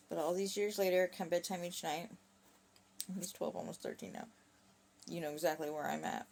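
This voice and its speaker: A woman's voice: on the low side, steady tone, brisk, gravelly, long pauses, a little mellow. A woman performing a spoken-word story in rhyme, with frank, conversational asides.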